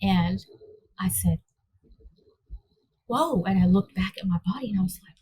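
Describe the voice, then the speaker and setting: A woman's voice: medium pitch, expressive, moderate pace, long pauses, slightly rough. A woman guest telling a personal story in a rambling way, searching for words and acting out her own reactions. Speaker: interview guest.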